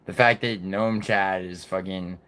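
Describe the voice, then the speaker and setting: A man's voice: low voice, steady tone, measured pace, fairly bright tone, a little hiss or hum. A man commenting bluntly and profanely while reacting to videos on a live stream.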